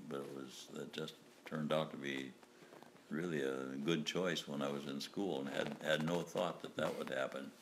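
An older man, a war veteran from the United States, recounting wartime memories in a halting way, with restarts and small chuckles. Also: very deep voice, fairly bright tone, slight background noise. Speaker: WW2 veteran interviewee.

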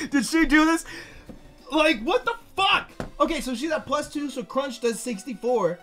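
A man commentating his video game run, swearing, swinging between yelling and muttering calculations, his voice strained from shouting. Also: very high voice, animated, unhurried, faint music behind. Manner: swears a lot. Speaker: gaming YouTuber. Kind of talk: let's play commentary.

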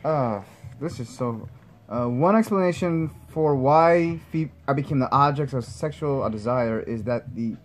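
A man hosting a casual chat with friends, reading out an article haltingly with fillers. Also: mid-range voice, low-quality recording. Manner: reads aloud haltingly with fillers and skips text. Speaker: podcast host.

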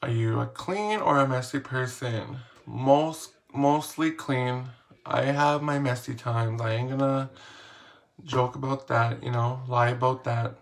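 This man's mid-range voice is creaky and unhurried. In his vlog he goes through questions one by one, reading each aloud and then replying in a joking, slangy way that pokes fun at himself.

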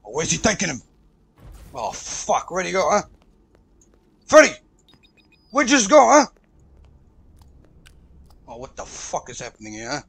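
A man hosting a let's play, reacting loudly and profanely, yelling at the game as he plays. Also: fairly high pitch, moderate pace, vocal fry, long pauses, slightly rough. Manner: excitable, profane, shouts at the game. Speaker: gaming channel host.

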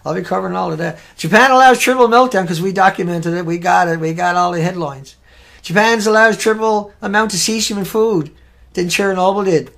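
A man hosting a live show, giving heated, emphatic commentary on news headlines with sudden loud bursts. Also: high voice, brisk, gravelly.

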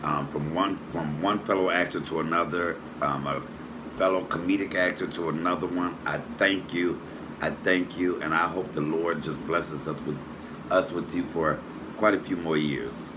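Male comedian host, very low voice, loose rambling tribute, steady hum behind. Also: normal speed. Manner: warm, rambling, with fillers and self-corrections. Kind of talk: casual tribute to camera. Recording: steady background noise hum.

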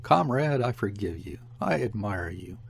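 A man's voice: fairly low pitch, lively intonation, measured pace, gravelly, slight background noise. A man reading the part of a worn-out convict who has been rowing a boat. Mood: relieved. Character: weary grateful male convict, exhausted rower.

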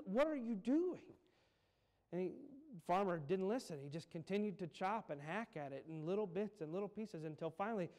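Male preacher giving a sermon in church, kinda high voice, gets loud and slows way down to hammer points. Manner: builds to loud emphatic peaks, slows on key phrases. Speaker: pastor. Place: church sanctuary.

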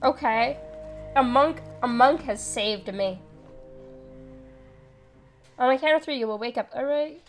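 A young woman streaming a horror game live, chatty and excitable, reading the game text aloud and jumping to loud yelps. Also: a little high, measured pace, long pauses, faint music behind.

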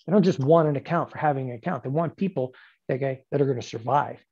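Forties guy teaching trading, husky voice, sarcastic and emphatic, kinda muffled recording. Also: mid-range voice, quick pace, darkish tone. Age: 40s. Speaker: options trading instructor. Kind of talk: live trading lecture.

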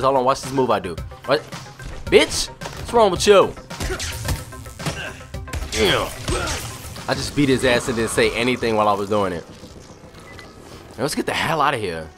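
A young man giving loud, profane, joking commentary while playing a video game. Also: medium pitch. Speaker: gaming commentator. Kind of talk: casual let's-play commentary.

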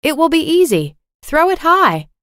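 A woman voicing an eager, emotional teenage girl in a storybook reading, with a bright, high, excitable delivery. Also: moderate pace, dry recording, studio quality.

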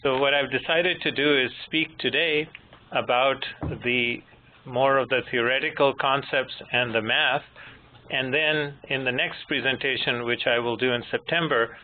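A man in his fifties, moderator and presenter, giving a measured technical lecture with gentle humor. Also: medium pitch, fairly even intonation. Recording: tinny phone-line audio with faint noise.

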